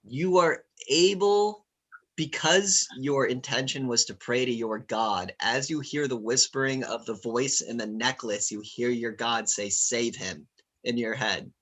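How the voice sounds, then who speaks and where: Male game master, bright tone, loose rambling narration with fillers. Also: medium pitch, a little slow. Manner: casual, rambling with fillers and laughs.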